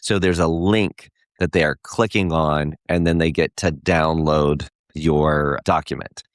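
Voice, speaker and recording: A man's voice: very deep voice, steady tone, unhurried, dry recording, clean studio sound. A middle-aged man hosting a live-stream coaching session, talking emphatically and reading out viewers' chat replies. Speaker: host.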